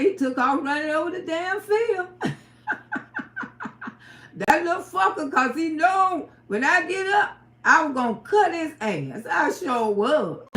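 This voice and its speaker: A woman with a high voice tells her own story to live-stream viewers in a profane, animated way. She laughs and tears up as she goes. The room around her has a noticeable echo. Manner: profane, animated, laughs and cries while telling. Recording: roomy echo.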